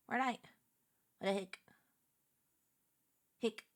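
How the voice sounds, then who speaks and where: A woman streamer chatting casually on a live stream. She gushes with excitement and thanks her viewers effusively. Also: fairly high pitch, normal speed, vocal fry, pauses often, dry recording, clean studio sound.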